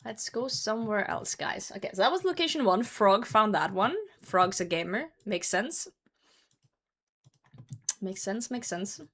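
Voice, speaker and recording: Bright-voiced young woman streaming casually. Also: mid-range voice, lively intonation, measured pace. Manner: chatty, laughs often, talks to chat. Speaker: livestreamer hosting a hide-and-seek game. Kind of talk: casual live-stream chat.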